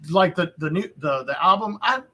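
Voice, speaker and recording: A man's voice: high voice, expressive, moderate pace, bright, forceful tone. A man from Texas hosting a podcast, chatting casually in a loose, profane, rambling way with lots of restarts. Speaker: podcast host. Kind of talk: casual chat.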